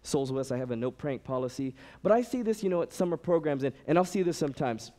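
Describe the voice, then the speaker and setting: A youth ministry director with a high voice tells lively stories at a quick pace in a sermon-style talk. He's conversational, uses lots of fillers, and animatedly acts out the people he quotes.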